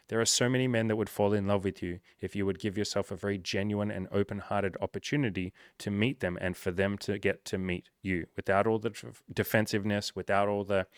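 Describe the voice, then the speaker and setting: A man's voice: fairly low pitch, fairly bright tone, no room sound, clean studio sound. A man talking as a life coach, giving casual motivational advice in a blunt, direct, often profane way.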